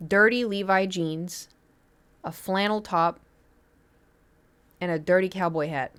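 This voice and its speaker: A woman's voice: lowish voice, slow, a bit bright, smooth. Young woman streamer chatting away on a live stream, rambly storytelling, lots of likes and ums. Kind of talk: casual chat on a live stream.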